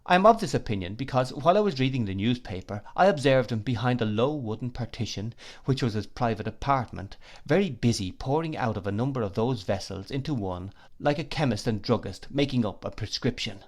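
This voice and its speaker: Guy reading an old novel aloud, mid pitch, steady and measured. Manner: measured, literary first-person reading. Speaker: audiobook narrator. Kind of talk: scripted narration of a classic novel.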